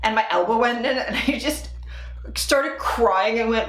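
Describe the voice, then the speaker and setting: A woman's voice: mid-range voice, moderate pace, a bit bright, slight background noise. A young woman streaming live, telling rambling stories in a casual, profane and giggly way. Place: home room. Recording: echoey room.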